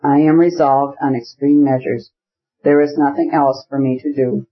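Guy reading stiff cold husband, formal and measured, kinda muffled lo-fi sound. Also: mid-range voice, flat delivery, lightly acted. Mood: bitter. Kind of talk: audiobook character reading. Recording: dull lo-fi recording.

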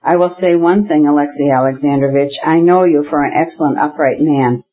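Reader voicing a kindly, excitable nobleman, pitched up, husky, lo-fi audiobook. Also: fairly quick, lightly acted. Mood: dismayed. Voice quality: emotional, pleading. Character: cheerful, kindly, excitable middle-aged nobleman. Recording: dull lo-fi recording.

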